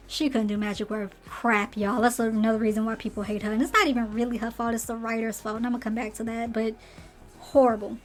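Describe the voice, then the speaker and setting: A slightly hoarse woman chatting animatedly through a casual rant recapping a TV show, acting out the characters' lines as she goes. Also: fairly high pitch, flat delivery, fast, soft background music. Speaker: show commentator.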